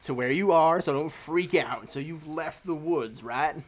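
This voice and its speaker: A man voicing a gruff, short-tempered rural Southern truck owner with a Southern US accent, blunt and drawling. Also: a little high, a little slow, a crowd in the background, lightly acted. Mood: explaining. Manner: blunt, drawling, swears casually.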